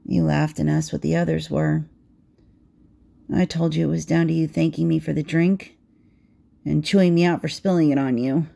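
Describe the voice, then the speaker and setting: Soft, gravelly woman telling an intimate story. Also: low-pitched, steady tone, normal speed, pauses often. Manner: soft and intimate, slipping into whispers. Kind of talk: intimate second-person romance narration.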